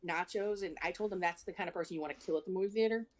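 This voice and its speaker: A woman's voice: on the low side, rapid-fire. A woman co-hosting a live stream, chatting animatedly and reading viewer comments aloud. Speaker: livestream co-host reading chat. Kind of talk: casual chat.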